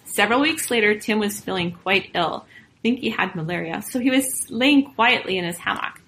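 Woman storyteller reading a children's story aloud, expressive delivery. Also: mid-range voice, normal speed, slight background noise, poor audio.

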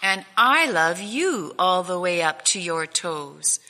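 A woman voicing a big, tender father hare in a storybook, answering in a gently teasing way. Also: fairly low pitch, big pitch swings, takes it slowly, full character voice. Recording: echoey hall with long reverb.

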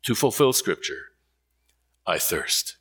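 A man voicing a calm, sorrowful man dying on a cross, in a low and solemn tone. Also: slow pace, slightly rough, heavily acted. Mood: solemn hushed.

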